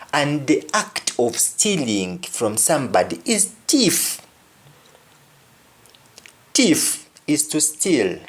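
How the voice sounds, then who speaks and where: A man gives a language lesson at an unhurried pace, his pitch sitting in a middle range. He repeats every phrase and restates it in several ways so the learner can follow. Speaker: language teacher. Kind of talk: explanatory lesson.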